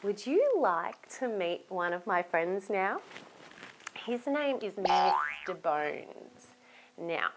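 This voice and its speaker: An Australian woman hosting a children's storytime show, coaxing young kids directly in a playful voice with gasps and exclamations. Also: on the high side. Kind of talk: children's storytime and sing-along.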